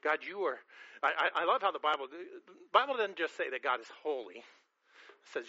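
A man's voice: on the high side, sing-song, fairly quick, pushed and bright, husky, no room sound, lo-fi sound. A man preaching a sermon in a conversational way, often repeating and restarting words, sometimes acting out quoted reactions. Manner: acts out quoted reactions in a changed voice.

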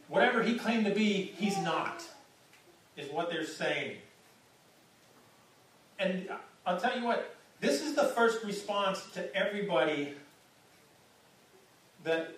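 A man's voice: high voice, a little hiss or hum. A man preaching a sermon in a conversational way, often repeating words as he starts a phrase. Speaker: pastor. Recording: echoey hall, distant mic.

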